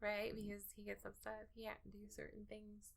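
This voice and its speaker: A woman's voice: medium pitch, monotone, brisk, vocal fry. A woman in her twenties co-hosting a podcast in casual chat, giggling often and telling stories with animation. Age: 20s. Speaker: podcast co-host.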